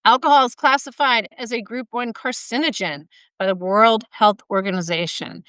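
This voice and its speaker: A woman's voice: fairly high pitch, steady tone, moderate pace, fairly bright tone, clean tone, dry recording. A woman hosting a solo health podcast, talking informally with asides and self-corrections, a little tired and tongue-tied. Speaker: podcast host and health coach.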